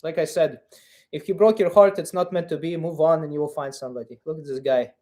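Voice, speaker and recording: High-voiced man doing a rambling comic advice stream. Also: fast talker. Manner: deadpan comic persona in broken English; rambling, many fillers and restarts. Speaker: live stream host giving advice. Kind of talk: comedic advice live stream.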